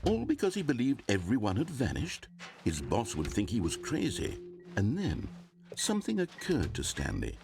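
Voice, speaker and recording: A wry, lively game narrator. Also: male voice, mid-range voice, normal speed, creaky. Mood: dry storytelling. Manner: dry, mock-grave storytelling with sudden pleading asides. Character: wry, meddling male narrator of a video game. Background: game music.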